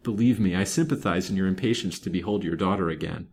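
A man's voice: sits low, fast talker, a little mellow, a little hiss or hum. A man voicing a stern middle-aged detective who barks imperious orders. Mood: reassuring.

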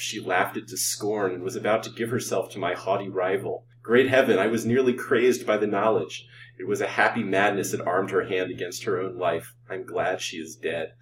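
A volatile rich gentleman from a storybook reading, bitter and easily inflamed, as a male narrator puts him on. His voice jumps upward when agitated and stays raised. The mic is set back, with a faint hum under it. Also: low-pitched, distant mic, close to an everyday voice, low-quality recording. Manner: agitated, outbursts of passion.

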